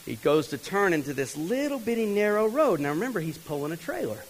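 A man's voice: brisk, slightly rough, low-quality recording. A man, telling a funny story from the pulpit and talking straight to the crowd. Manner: animated, talks to the crowd, mimics others in a higher voice. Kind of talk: storytelling sermon.

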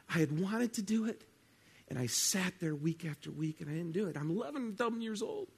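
Earnest preacher man, slightly high voice. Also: animated, creaky, slightly rough. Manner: earnest, shifts between loud emphasis and hushed, slowed phrases. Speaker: pastor. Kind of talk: sermon.

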